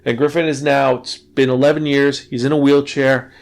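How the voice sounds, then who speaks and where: A man's voice: medium pitch, normal speed, vocal fry. Casual man retelling a story. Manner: animated storytelling, swearing, stumbling restarts. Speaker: podcast host and manga reviewer. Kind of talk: casual spoken review, retelling a plot.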